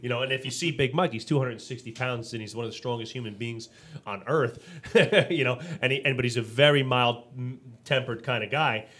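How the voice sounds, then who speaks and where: A man's voice: mid-range voice, brisk. A man co-hosting a casual business podcast, telling stories with animation, acting out quotes and restarting his sentences often. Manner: animated storytelling, acts out quotes; frequent restarts and fillers. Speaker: podcast co-host.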